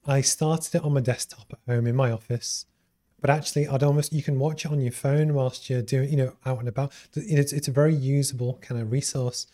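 A man with a Liverpool accent hosts a casual interview, prompting his guest and riffing on her answers. He talks very fast in a dark, mellow voice at a middling pitch. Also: fairly even intonation. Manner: rapid, conversational, prompting. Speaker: interview host.

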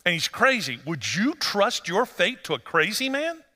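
A man preaching a sermon as pastor, conversational and storytelling, rising to animated emphasis. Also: sits high, normal speed, big-room sound.

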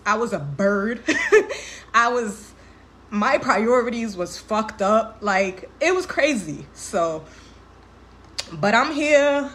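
A young woman in her twenties talks straight into her stream, her voice sitting a little high. She speaks in loose, candid slang with plenty of swearing, laughing easily and close to tears at times. A faint room hum sits behind her. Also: fairly bright tone. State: tearful. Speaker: livestream host. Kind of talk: casual livestream talk.

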